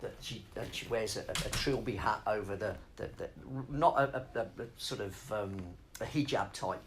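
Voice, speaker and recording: A man's voice: on the low side, normal speed, background noise. A middle-aged man rambling off on tangents in a casual interview, swearing freely as he talks about spoken word.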